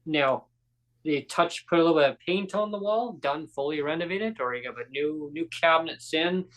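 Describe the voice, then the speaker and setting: A man's voice: fairly high pitch, moderate pace, rough recording. A man hosting a casual podcast chat, telling a story animatedly and acting out the people in it. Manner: animated storyteller, acts out quotes. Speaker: podcast host.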